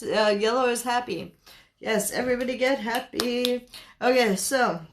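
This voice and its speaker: A woman's voice: on the high side, slow. A young woman from Canada hosting a spiritual livestream, chatting casually in a giggly, scattered way and answering her viewers' comments.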